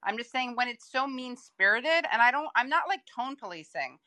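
A woman's voice: fairly high pitch, lively intonation, moderate pace, bright, forceful tone, no room sound. A woman guest on a podcast in casual political chat, earnest and hedging, with lots of fillers.

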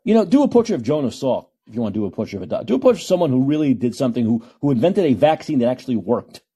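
Very fast and very animated, a middle-aged man rants sarcastically and combatively as host of his solo call-in podcast. His medium-pitched voice is mellow with a breathy edge.

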